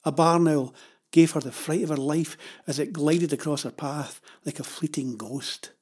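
Husky-voiced storybook narrator. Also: mid-range voice. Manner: steady, measured storytelling. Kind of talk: children's story reading.

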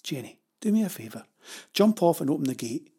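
A storyteller voicing a cheeky, teasing farm boy who talks quickly and offhand, in a husky voice. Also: medium pitch, big pitch swings, mellow. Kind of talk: storybook reading.

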